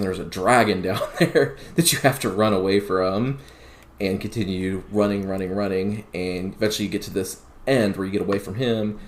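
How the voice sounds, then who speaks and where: Low-voiced male co-host, easygoing storyteller, roomy mic sound. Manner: laid-back storytelling with laughs. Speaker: podcast co-host. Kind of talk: casual gaming podcast recap. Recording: roomy with faint noise.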